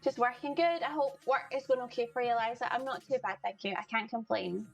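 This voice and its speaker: A fairly high-pitched woman chats easily with her viewers during a live cooking stream at home, greeting people by name and laughing often. Faint music plays softly behind her. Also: fast, gravelly, low-quality recording. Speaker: livestream cooking host. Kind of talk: casual chat with viewers while cooking. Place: home kitchen.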